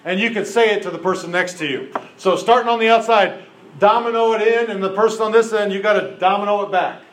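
A man preaching informally to a group, animated and laughing as he acts out quotes. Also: sits high, fast, a little hiss or hum. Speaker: pastor leading a group exercise. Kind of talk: informal sermon with group participation. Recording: roomy echo.

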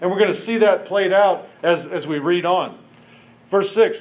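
Male pastor, sermon delivery, higher-pitched, animated, acts out quotes. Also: moderate pace. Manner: animated preaching with acted-out quotes.

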